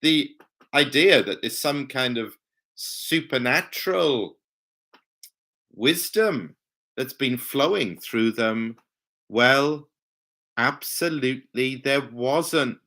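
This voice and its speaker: A man preaching a Bible study sermon, teaching slowly and emphatically and letting his pitch swing widely on key words. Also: lively intonation, bright, forceful tone.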